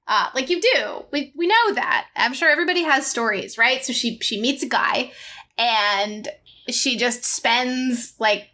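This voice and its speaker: A woman's voice: a little high, a little slow. A woman co-hosting a casual podcast, talking animatedly and acting out lines from a film. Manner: animated, acts out quotes in raised voice. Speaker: podcast co-host. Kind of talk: casual chat.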